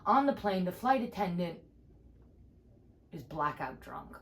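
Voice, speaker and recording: A woman comedian telling a story in a podcast chat, animated, acting out each exchange as she goes. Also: lowish voice, measured pace, vocal fry. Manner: animated, acts out every exchange with "I'm like".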